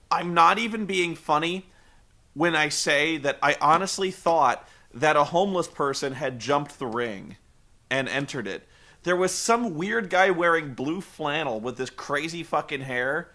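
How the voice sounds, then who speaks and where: A man's voice: on the high side, expressive, measured pace, pushed and bright. A man hosting a comedic wrestling review, ranting in a profane, stammering, exasperated way. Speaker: host reviewing a wrestling show.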